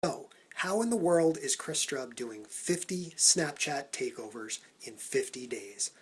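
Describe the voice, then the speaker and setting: A man vlogging for social media, talking in an energetic, punchy countdown style into a phone held at arm's length. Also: mid-range voice, a little slow, husky. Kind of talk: upbeat Snapchat vlog talk.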